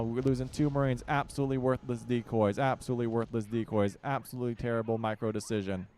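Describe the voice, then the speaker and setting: A man's voice: medium pitch, steady tone, quick pace, few pauses, a little mellow. A young man giving casual commentary while playing a strategy game, barking orders at his units and grumbling with joking exasperation. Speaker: gaming channel host.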